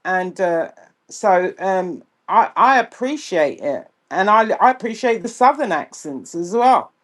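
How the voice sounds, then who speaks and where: London-accented woman co-host, measured delivery, some hesitant fillers, easygoing chat. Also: medium pitch, expressive. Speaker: podcast co-host. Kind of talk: casual chat.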